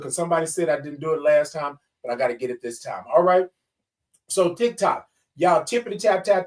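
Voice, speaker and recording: A man's voice: sits high, far from the mic. A man hosting a morning livestream, calling viewers y'all and baby and singing out long good mornings. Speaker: host of a morning livestream show. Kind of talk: lively livestream greeting viewers.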